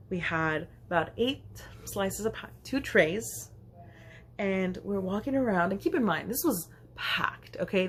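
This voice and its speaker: A woman's voice: medium pitch, slight background noise. Chatty young woman telling a story. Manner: chatty, rambling, laughs often. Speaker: vlogger. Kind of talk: casual storytime.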